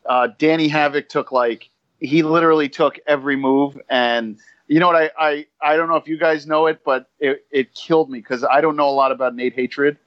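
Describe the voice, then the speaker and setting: A man's voice: fairly high pitch, steady tone, fairly quick, lo-fi sound. A man co-hosting a wrestling podcast in casual chat, rambling and swearing with self-deprecating humor. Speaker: podcast co-host.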